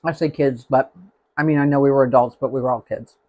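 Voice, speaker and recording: A man's voice: medium pitch, steady tone, fast talker, darkish tone, highs cut off. A man hosting a live cooking stream, chatting casually and rambling as he tastes the food. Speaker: cooking show host.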